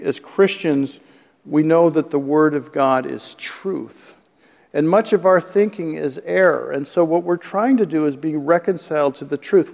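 Gravelly-voiced preacher in an echoing hall. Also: male voice, a little high, darkish tone. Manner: conversational, self-deprecating, chuckles at own jokes. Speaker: pastor. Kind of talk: sermon. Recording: dull sound with long hall reverb.

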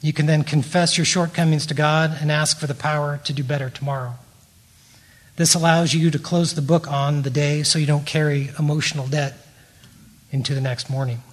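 A man's voice: fairly high pitch, little pitch movement, normal speed. Earnest middle-aged man teaching recovery. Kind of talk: prepared teaching talk at a recovery meeting.

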